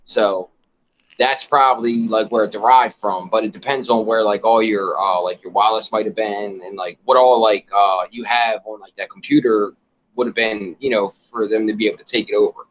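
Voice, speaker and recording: A laid-back man hosting a casual chat, reacting briefly and explaining in a loose, relaxed way. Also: lowish voice, moderate pace, muffled recording. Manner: laid-back, short reactions, some swearing.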